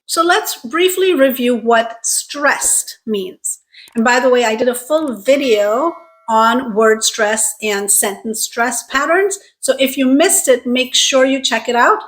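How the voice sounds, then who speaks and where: A woman with a somewhat high voice leads a pronunciation lesson. She talks straight to her viewers in an encouraging, clear way and slows down to stretch out the sounds she models. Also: a bit bright. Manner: clear, deliberate teaching with drawn-out model sounds; encouraging, direct address to viewers. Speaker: accent coach.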